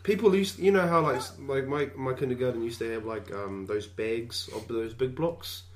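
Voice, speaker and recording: Relaxed guy, casual storyteller, curses freely, slight background hiss. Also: mid-range voice, moderate pace. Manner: swears casually, laughs while telling. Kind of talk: casual storytelling among friends.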